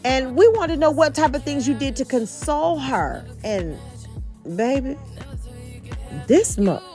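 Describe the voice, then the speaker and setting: A woman home vlogger telling a storytime tale, animated and addressing viewers directly. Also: high-pitched, measured pace, soft background music. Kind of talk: storytime vlog.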